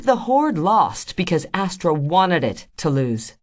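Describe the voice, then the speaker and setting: A woman voicing a fierce, headstrong woman mercenary leader who speaks forcefully, close to shouting, in a storybook reading. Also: fairly low pitch, sing-song, takes it slowly, pitched above the performer's own voice. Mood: insistent.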